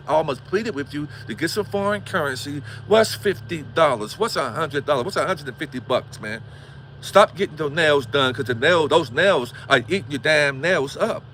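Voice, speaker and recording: A man's voice: a little high, pushed and bright, slight background noise. Preachy, profane man on a livestream. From Gary, Indiana. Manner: preachy, repetitive rhetorical questions, profane. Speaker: livestream host. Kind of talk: impassioned livestream monologue.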